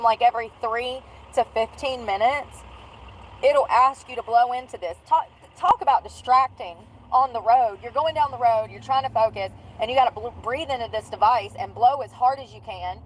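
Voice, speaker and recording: A woman's voice: a little high, slight background noise, rough recording. Slangy woman rambling from her car. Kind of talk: casual storytelling while driving.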